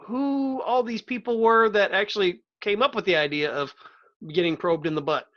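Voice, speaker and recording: A man with a high voice hosts a casual podcast and spins a playful, rambling story. The sound is a little dull and lo-fi. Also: moderate pace. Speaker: podcast host. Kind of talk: casual chat.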